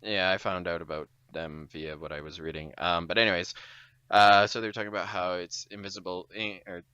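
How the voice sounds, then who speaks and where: A man's voice: deep voice, steady tone, fairly quick, sharp tone, smooth, no echo, highs cut off. A man co-hosting a podcast, retelling a story in a wry, sarcastic casual chat. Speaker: podcast co-host.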